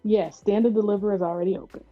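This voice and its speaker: A woman's voice: medium pitch, fairly even intonation, fast, no room sound, soft background music. Blunt woman on a dull lo-fi recording. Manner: blunt, matter-of-fact, joking. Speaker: podcast co-host. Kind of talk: casual chat. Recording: dull lo-fi sound.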